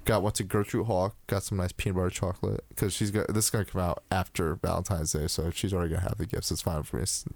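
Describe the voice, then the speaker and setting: A man's voice: sits low, fairly even intonation, fast, vocal fry, few pauses, a little mellow, dry recording. A young man co-hosting a podcast, chatting casually and rambling with restarts and swearing. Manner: rambling, swears freely, many restarts and fillers. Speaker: podcast co-host.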